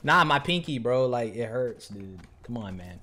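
A man streaming a video game, chatting in a slangy, animated way to himself and his viewers. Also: mid-range voice, moderate pace. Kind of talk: casual gameplay commentary.

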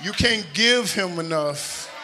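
A middle-aged male pastor preaching a lively sermon in a church, swinging from shouted, almost sung lines to quiet joking asides with the congregation. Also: high-pitched, takes it slowly, crowd noise, noisy background. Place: church sanctuary.

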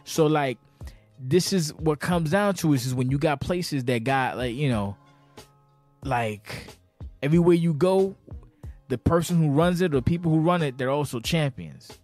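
A man's voice: a little high, normal speed, soft background music. A man hosting a podcast in casual chat, a little tipsy, rambling, swearing and stumbling over his words as he rants. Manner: rambling, profane, animated, stutters and restarts. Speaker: podcast host.

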